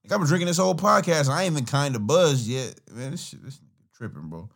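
Animated, laughing man reacting to songs. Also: on the high side, quick pace, creaky. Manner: profane, laughing, rambling slang. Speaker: podcast host reacting to music. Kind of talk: casual reaction commentary.

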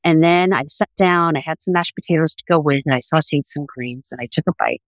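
A middle-aged woman, a food TV producer, telling a lively story as a podcast guest on a remote call. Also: low-pitched, fairly quick, dry recording, poor audio. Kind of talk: casual podcast interview.

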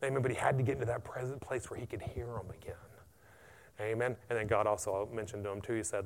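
A man with an American accent preaching a sermon, repeating "amen" and swinging between loud and hushed delivery. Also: fairly low pitch, steady tone, fairly quick. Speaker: pastor.

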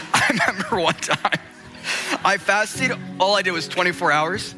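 A man preaching a sermon with a high, passionate voice. He swings from hushed low asides to urgent, climbing appeals. Music plays clearly behind him. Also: animated, slow pace, long pauses. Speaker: pastor.

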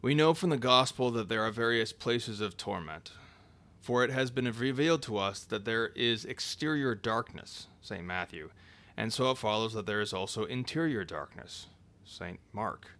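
A man reading an old sermon aloud in a measured, solemn way, dropping his voice for each scripture citation. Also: medium pitch, a bit bright. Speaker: reader.

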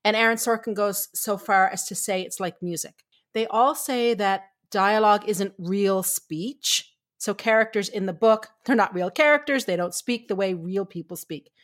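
A woman's voice: mid-range voice, normal speed. A woman co-hosting a writing podcast, explaining her prepared segment in an organized, enthusiastic way. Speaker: podcast co-host.

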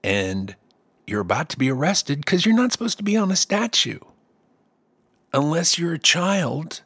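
A man's voice: fairly low pitch, gravelly, fairly bright tone, breathy edge. Rambling, joking middle-aged man host. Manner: loose, comic, with playful put-on voices. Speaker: podcast host and songwriter. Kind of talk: casual rambling monologue.

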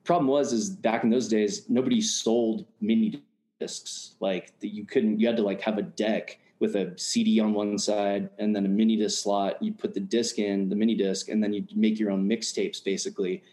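A man's voice: fairly low pitch, flat delivery, moderate pace, warm tone. A man from the United States telling a story in a casual, slangy, profane way, full of fillers like "you know what I mean.". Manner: slangy, profane, laid-back. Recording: roomy echo.

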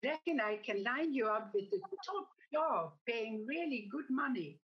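A woman voicing an eager, chatty male pub landlord who speaks in excited, rising exclamations. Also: fairly high pitch, unhurried, lo-fi sound.

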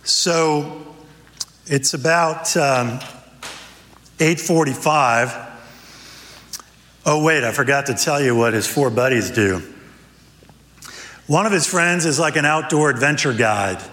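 A man, a pastor, preaching a sermon, praying and then telling a lively story with character voices. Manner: animated storyteller, voices characters with raised pitch. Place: church sanctuary. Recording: church hall reverb.

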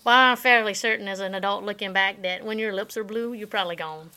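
A woman's voice: mid-range voice, quick pace, bright, forceful tone. A woman co-hosting a podcast, chatting in a playful, teasing way. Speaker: podcast co-host. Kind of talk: casual chat.

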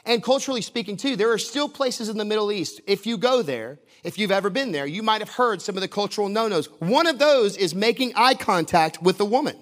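Male pastor, high voice, jokey conversational sermon, long church reverb. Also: expressive, a little fast, hardly any pauses, a bit bright. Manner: conversational, joking preaching with asides to the congregation.

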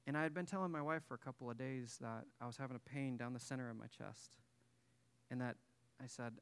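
Chatty preacher telling a story. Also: male voice, medium pitch, animated, brisk, creaky. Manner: conversational, self-deprecating, jokes with the congregation. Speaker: guest pastor. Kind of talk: sermon with personal story. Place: church sanctuary.

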